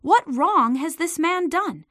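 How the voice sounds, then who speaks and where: An exasperated Roman governor pleads his case in a raised, bright voice, as a woman puts him on while reading the story. The lively pitch swings up on every point, and the sound is close and dry. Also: slow, no room sound, full character voice. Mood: insistent. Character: Roman governor, grown man, insistent and exasperated.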